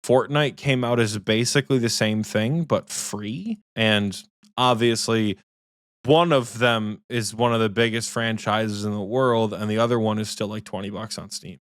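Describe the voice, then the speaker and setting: A young man co-hosting a casual gaming podcast, telling lively stories, swearing freely and mimicking his friend. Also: on the low side, normal speed, no room sound, studio quality. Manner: animated storytelling, swearing, mimics friends in quotes. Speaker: podcast co-host.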